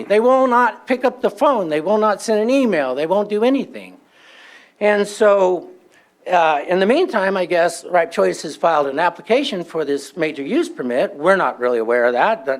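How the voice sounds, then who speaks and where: A man with a fairly high voice speaks during public comment at a county meeting. He recounts a long neighbor grievance in an aggrieved tone, acting out each quoted exchange as he goes.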